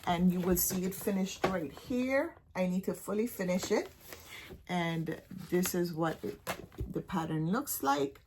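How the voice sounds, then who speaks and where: A woman with a Caribbean accent chatting casually as she shows off her stitching patterns, trailing off and dropping to a soft near-whisper now and then. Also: on the low side, lively intonation, a little slow, noisy background. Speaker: cross-stitch vlogger. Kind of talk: casual show-and-tell chat.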